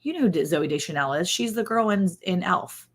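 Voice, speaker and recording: A woman with a fairly low voice hosts a relaxed livestream chat. She runs a guessing game, quizzes her co-host and reads out what viewers write. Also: moderate pace, a little hiss or hum. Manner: quizzing a co-host and reading viewer comments aloud.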